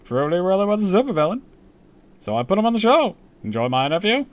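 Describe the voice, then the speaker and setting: A man voicing an excitable TV show host in a raised, rushed, chummy voice while reading a storybook aloud. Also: sits high, pitched above the performer's own voice. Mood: hurried.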